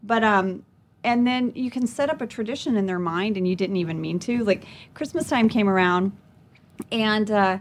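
A woman's voice: medium pitch, moderate pace. A woman from Louisiana, a comedian, telling funny stories in casual chat, acting out quotes and laughing often. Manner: animated storyteller, acts out quotes, laughs often.

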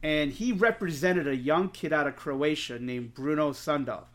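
A middle-aged man, co-hosting a podcast and telling stories in an animated way, swearing freely. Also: fairly high pitch, normal speed. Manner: animated storyteller, swears freely, acts out quotes. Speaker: podcast co-host. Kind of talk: casual storytelling chat.

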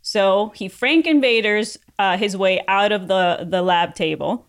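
A woman's voice: medium pitch, unhurried. A woman in her forties on a casual podcast panel, rambling with many fillers.

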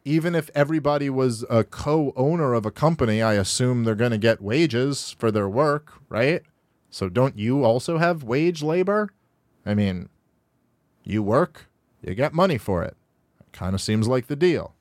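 A man hosting a podcast from a studio, pausing a video to argue against it. He sounds exasperated and his voice climbs high whenever he pushes back. The sound is dry and close, with almost no room around it. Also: expressive, no echo. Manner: exasperated, rising sharply in pitch when rebutting. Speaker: podcast host reacting to a video. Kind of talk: argumentative commentary on a played clip.

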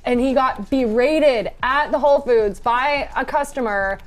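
A woman with a fairly high voice holds the floor on a casual podcast. She tells a story with energy and slips into quick impressions of the people she describes. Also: faint music behind. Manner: animated storyteller acting out quoted people. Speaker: podcast co-host. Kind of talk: casual chat.

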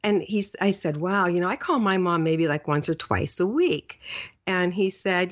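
A middle-aged woman with a lowish voice, hosting a podcast and telling a personal story in an animated, chatty way. She laughs now and then as she talks. The sound is a bit dull and lo-fi, as if taped in a hotel room. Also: moderate pace. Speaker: podcast host. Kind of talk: casual storytelling monologue. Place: hotel room, seated on the floor. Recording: dull lo-fi recording.

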